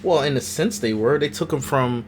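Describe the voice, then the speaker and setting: A man hosting a casual podcast chat, laid-back and chatty with quick asides. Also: mid-range voice, music in the background. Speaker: podcast host.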